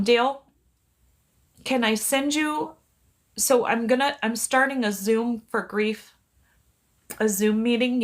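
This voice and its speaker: A middle-aged psychic medium speaks into her phone on a live stream, gently and pleadingly reassuring a viewer we hear only her side of. Her voice is fairly high.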